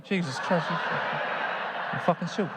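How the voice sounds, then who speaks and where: On a theatre stage before a laughing audience, an Irish man with a Cork accent performs stand-up, telling sweary family stories and doing exaggerated voices for his relatives. His voice is on the high side and his pace moderate, with a big-room sound and a very noisy background.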